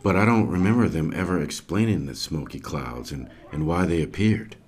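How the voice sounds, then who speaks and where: A man's voice: low voice, moderate pace, a little mellow, slightly rough. A man hosting a podcast, narrating a personal story in an earnest, emotional way. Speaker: podcast host.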